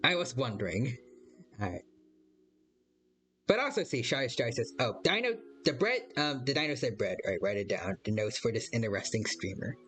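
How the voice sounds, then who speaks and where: A man's voice: mid-range voice, very animated, normal speed, a bit bright, faint music behind. A man chatting casually on a live stream while playing a game, rambling and hesitant, reading out viewers' chat and greeting them by name.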